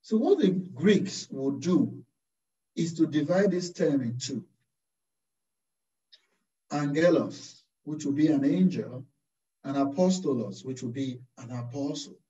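A man, a Carmelite priest, preaching a slow, deliberate sermon full of rhetorical questions. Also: fairly high pitch, lively intonation, dark tone. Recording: distant, roomy, dull-sounding recording.

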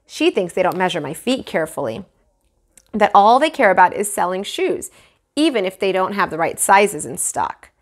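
A woman teacher reading a children's book aloud to her class. Her narration is expressive, with a lively, animated pitch, at a middle height. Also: normal speed. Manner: warm, expressive storytelling.

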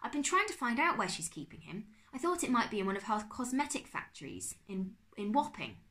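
A woman reading aloud and voicing a fussy, excitable middle-aged uncle who exclaims and splutters. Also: on the high side, fairly quick, voice pushed up. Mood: explaining.

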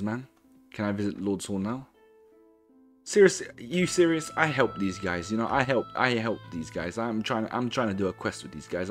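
A man casually commenting on his own gameplay, rambling and correcting himself as he reads the game's dialogue aloud. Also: on the low side. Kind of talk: casual let's-play commentary.

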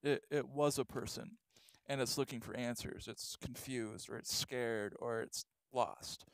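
Young guy, casual vlog storyteller, rambly with lots of fillers; clean, smooth voice, dry close sound. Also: medium pitch, fairly even intonation, measured pace, no room sound. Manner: rambling, many fillers and restarts. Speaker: vlogger.

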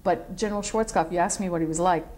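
This oral history interview features a middle-aged veteran with a lowish voice, speaking quickly as she looks back on her military service. She goes off on tangents, tells her stories with energy, and acts out what others said.

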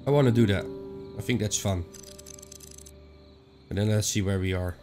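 A man giving chatty let's-play commentary on a ghost hunting game, thinking out loud with some non-native phrasing. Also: on the low side, moderate pace, soft background music. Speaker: gaming YouTuber.

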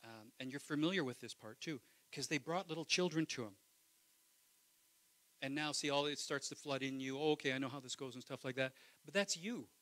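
Pastor preaching in church; bright, ringing man's voice, impassioned with quiet asides. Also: mid-range voice, moderate pace, poor audio. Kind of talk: sermon.

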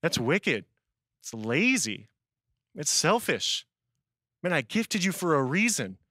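A man's voice: a little high, takes it slowly, dry recording. A man giving a casual youth sermon, telling stories and dropping "man" into nearly every sentence. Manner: peppers sentences with "man", animated storyteller. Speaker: youth speaker.

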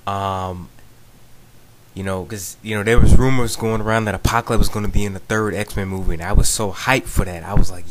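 A man's voice: on the low side, fairly even intonation, moderate pace, slight background noise. A man giving a rambling, casual video response, full of ums and "you know what I'm saying". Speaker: video blogger.

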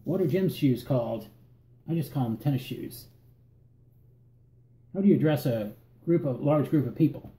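Deep-toned Northern Virginia man, echoey room. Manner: relaxed, halting, repeats words. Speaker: vlogger. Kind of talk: reading an accent tag word list.

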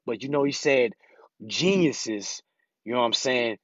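A man's voice: medium pitch, animated, measured pace, no echo. A man teaching consumer law in a casual, profane, emphatic monologue, saying "you know what I'm saying" over and over. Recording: dry, slightly dull lo-fi recording.

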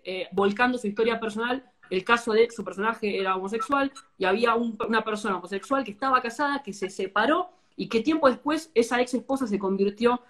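Fast-talking woman translating live. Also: fairly high pitch, a bit bright. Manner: quick, hesitant paraphrasing with fillers. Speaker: host and interpreter. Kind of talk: live interview over video call, translating. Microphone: phone or laptop on a video call.

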